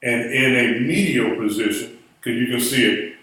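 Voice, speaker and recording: Bright and forceful at a medium pitch and moderate pace, a man leads a Hebrew lesson, patiently breaking words down letter by letter. The mic catches him from far away in an echoing room.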